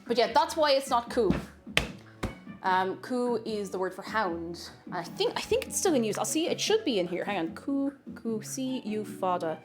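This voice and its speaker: An Irish-accented woman talks at a normal speed over music, playfully chatting on a live stream as she teaches an Irish word of the day. She breaks into high, excited greetings to her chat, speaking into a desk microphone.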